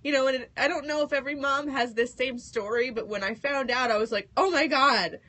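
A woman's voice: high-pitched, steady tone, fast talker, fairly bright tone. Nervous, tearful woman radio host. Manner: tearful, nervous, laughing through her words. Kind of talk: emotional on-air announcement.

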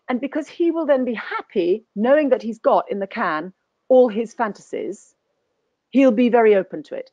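A woman's voice: a little high, lively intonation, moderate pace, warm tone, no room sound, highs cut off. A woman guest actor speaking in a conversational webinar interview, thoughtful and anecdotal, often restarting her sentences. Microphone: video call.

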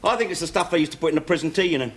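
A wry, grumbling ex-convict in his forties, as an actor plays him. His voice sits high for a man and moves a lot. The sound is a hissy 1970s TV sitcom recording. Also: lively intonation, rapid-fire, natural voice. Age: 40s. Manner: wry, sarcastic banter. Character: 45-year-old male ex-convict, wry and grumbling.

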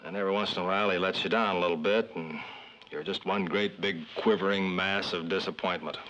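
An actor playing a thoughtful middle-aged suburban father, talking in an earnest, soft-spoken, self-questioning way in a 1950s sitcom. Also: sits low, fairly even intonation, a little fast. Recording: dull 1950s TV soundtrack with faint music.

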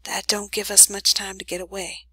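An earnest young country man, hurried and hushed, as a woman reads him aloud, with homespun grammar and a bright, clear tone. A dry, close storybook read. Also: mid-range voice, level tone, no echo, low-quality recording. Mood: urgent.

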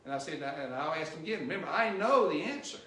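A male missionary preacher delivering a sermon, quizzing the congregation with questions and growing loud and emphatic at his peaks. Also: a little high, animated, fast. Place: church sanctuary. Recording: roomy church echo, distant mic.

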